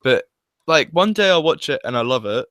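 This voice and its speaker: A man's voice: a little high, expressive, normal speed, bright, forceful tone, dry recording. A young man chatting casually as a fan reviewer, hesitant and full of restarts and fillers. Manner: hesitant, restarts often, uses "like" a lot. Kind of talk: casual chat.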